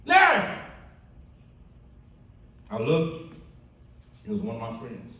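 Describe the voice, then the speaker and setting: A man's voice: medium pitch, a little slow, recorded from a distance, a little hiss or hum. Storytelling man in an echoey hall. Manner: storytelling, acts out quoted friends in animated bursts. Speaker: keynote speaker. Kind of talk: testimony speech at a banquet. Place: church banquet hall.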